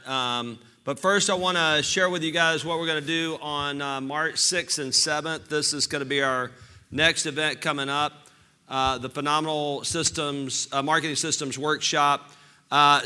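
Seminar host with a sharp, clear voice. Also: male voice, fairly high pitch. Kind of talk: event announcement to an audience.

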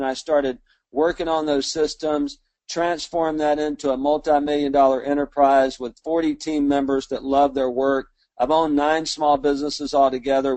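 A mid-range male voice with a darkish tone and no room sound. The speaker, a man in his fifties from Mobile, Alabama, uses a Southern accent for a folksy, self-deprecating motivational storytelling speech as a small business owner.

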